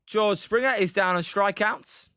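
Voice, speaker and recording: A high, bright-toned British man calls the game pitch by pitch on a casual live stream. His voice is smooth and clear, and he keeps chatting with viewers between plays. The sound is close and dry. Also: a little slow, no echo. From Britain. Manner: chatty, answers viewers' chat messages between pitches, many fillers. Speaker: live stream play-by-play host. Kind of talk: casual live play-by-play commentary.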